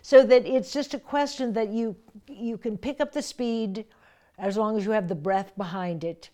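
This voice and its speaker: A woman's voice: medium pitch, moderate pace, dark tone. A woman voice coach explaining how to breathe through verse lines, now and then reading lines aloud with force. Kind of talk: teaching verse speaking with readings.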